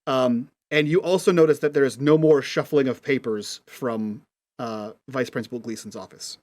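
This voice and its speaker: A man narrating a tabletop role-playing game as game master, in a relaxed way with many fillers. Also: mid-range voice, moderate pace. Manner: relaxed, lots of ums and likes.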